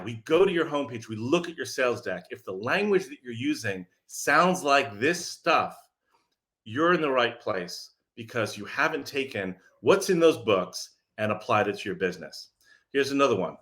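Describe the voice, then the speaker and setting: A man speaking from his office as a sales messaging coach, energetic and sarcastic, firing questions at his audience. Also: medium pitch. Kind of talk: direct-to-audience pitch.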